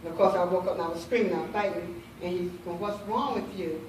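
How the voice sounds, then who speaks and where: A woman's voice: on the low side, steady tone, darkish tone. Middle-aged woman in a very echoey hall. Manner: heartfelt, halting, with repeated phrases. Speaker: conference speaker, prophetess. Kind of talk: personal testimony. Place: large hall at a women's conference. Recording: echoey hall, voice from far off, faint hiss.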